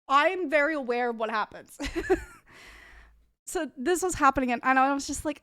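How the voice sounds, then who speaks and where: A woman's voice: high voice, lively intonation, normal speed, pauses often, sharp tone, no echo. Young woman, live streamer, casual storytelling, rambling with fillers, dry close sound. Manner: rambling, full of fillers and swearing.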